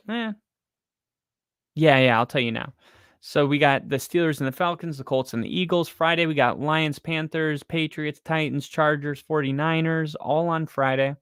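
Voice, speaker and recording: A man co-hosting a casual football podcast, rambling and excitable, with lots of fillers. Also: medium pitch, dry recording, studio quality. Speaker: podcast co-host. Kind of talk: casual sports chat.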